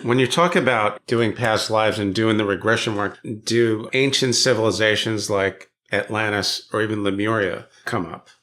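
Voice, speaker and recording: A man's voice: fairly low pitch, fairly even intonation, normal speed, hardly any pauses, a bit bright. A man hosting a podcast interview, asking curious, thoughtful questions. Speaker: podcast host.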